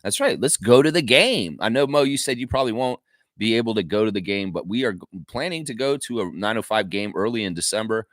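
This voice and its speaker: A man's voice: on the low side, expressive, quick pace, a bit bright, no room sound. A man hosting a daily basketball fan show, talking in a rambling, opinionated way with many fillers and restarts. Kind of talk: casual livestream commentary.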